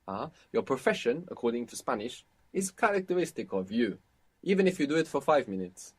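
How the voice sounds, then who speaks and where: A man with a slightly husky voice gives a spoken language lesson. He explains points patiently and prompts his learner to answer and repeat. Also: mid-range voice, very animated, a little fast. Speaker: language teacher.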